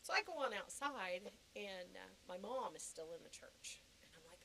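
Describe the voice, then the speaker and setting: Animated woman telling a story. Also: mid-range voice, brisk, few pauses, slight background noise, poor audio. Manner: animated, laughing, acting out quoted reactions. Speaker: guest. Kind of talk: storytelling in a podcast interview.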